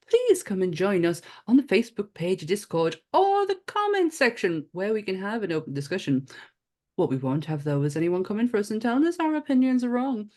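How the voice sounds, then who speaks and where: A woman with a northern English accent hosts a casual podcast in a lively, swooping voice. She is playful and chatty, running the show. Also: mid-range voice. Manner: playful and chatty, laughs often. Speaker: podcast host.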